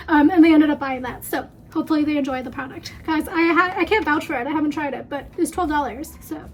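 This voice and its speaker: A woman's voice: sits high, quick pace, few pauses, slight background noise. A woman chatting casually through a haul video at home, rambling with lots of fillers and a bit out of breath. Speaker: beauty vlogger.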